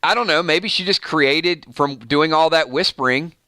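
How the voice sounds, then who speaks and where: A man with a Southern Georgia accent chats loosely with his viewers as a live-stream host, chuckling often. His voice is bright and forward, with a smooth, clean tone. The sound is close and dry, with no room around it. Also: fairly high pitch, normal speed, no echo. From Georgia, USA. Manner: easygoing, chuckles often, folksy. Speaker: show host reading viewer chat. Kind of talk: casual live-stream chat.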